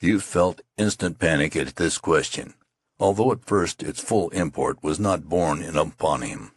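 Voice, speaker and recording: A man reading a novel aloud as an audiobook narrator in a measured, deliberate way. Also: very deep voice, lively intonation, breathy edge, dry recording, studio quality.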